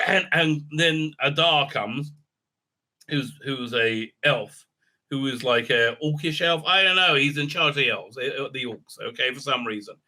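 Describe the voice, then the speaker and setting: A man's voice: mid-range voice, a little slow, bright, forceful tone. Sarcastic man rambling through a review. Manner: rambling, sarcastic, heavy filler words. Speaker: TV series reviewer. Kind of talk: casual episode recap and review.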